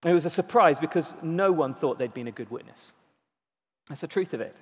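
A man preaching a sermon, emphatic, slowing down to stress key words and repeating them. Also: a little high, lively intonation, slightly rough. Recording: long reverb in a large hall.

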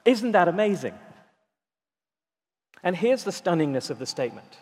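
A man preaching a sermon, emphatic, slowing down to stress key words and repeating them. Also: high voice, very animated, darkish tone, slight background noise. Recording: long reverb in a large hall.

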